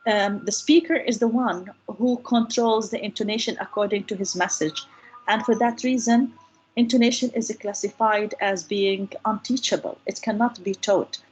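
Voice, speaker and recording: A woman's voice: medium pitch, fairly even intonation, normal speed, a little mellow, a little hiss or hum, poor audio. A woman guest speaker answering questions in an online talk, explaining patiently with many fillers and restarts.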